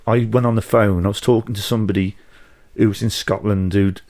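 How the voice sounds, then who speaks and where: A middle-aged man with a Telford accent recalls old stories as a podcast guest, his voice on the low side. He speaks in a measured way, pausing as he looks for words. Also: fairly even intonation, a little mellow. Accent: Telford English. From Telford, England. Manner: measured, anecdotal, hesitant. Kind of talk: conversational storytelling.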